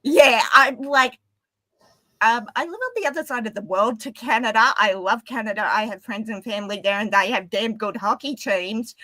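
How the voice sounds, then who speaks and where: Australian woman, panel guest, chatty and rambling, higher register, dry close sound. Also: normal speed, pushed and bright, dry recording, low-quality recording. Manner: chatty, rambling, laughs often. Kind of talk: casual chat.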